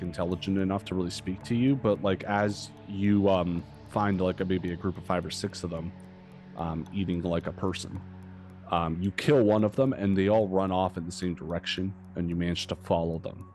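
Man, game master, deep voice, hesitant, many fillers, faint music behind. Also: steady tone, moderate pace, darkish tone. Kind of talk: narrating a tabletop game.

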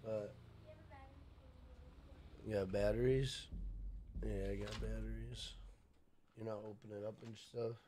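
A man's voice: fairly low pitch, flat delivery, measured pace, long pauses, mellow, a little hiss or hum. A man casually live-streaming a game, greeting chatters by name and swearing freely.

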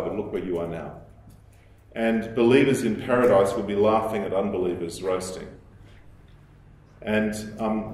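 A man with a lowish voice delivers a lecture in a strongly echoing room. He explains at a measured pace, quoting texts and pausing on the odd filler. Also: a little mellow. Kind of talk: recorded lecture. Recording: very echoey room.

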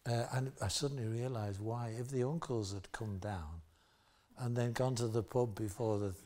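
An older man with a Liverpool accent spins lively anecdotes on a theatre stage. His voice is mellow and warm, his delivery animated, with plenty of asides to the audience. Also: mid-range voice, normal speed, slight background noise. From Liverpool, England. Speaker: guest storyteller.

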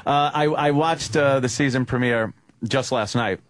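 A man's voice: mid-range voice, a little slow, dry recording. A man hosting a radio talk show, joking brashly and swearing freely. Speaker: radio host.

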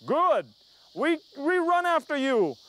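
A man's voice: very high-pitched, very animated, takes it slowly, fairly bright tone, a little hiss or hum, pitched above the performer's own voice, exaggerated voice. A man voicing a stern, menacing chief in a told story, in broken speech.

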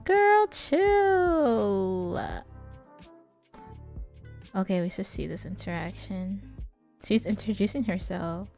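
A woman chatting casually as she comments on her own gameplay, playful and prone to sudden loud exclamations. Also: fairly low pitch, fairly even intonation, normal speed, gravelly, soft background music. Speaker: gaming YouTuber.

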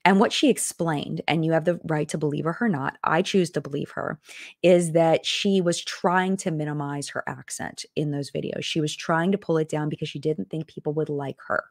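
A young adult woman chats casually on a live stream, rambling and restarting her sentences as she reacts to viewer comments. Her voice sits low for a woman. The sound is close and dry, with no room around it. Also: steady tone, moderate pace, creaky, no echo. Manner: chatty, rambling, lots of fillers and restarts. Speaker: host of a live chat stream.

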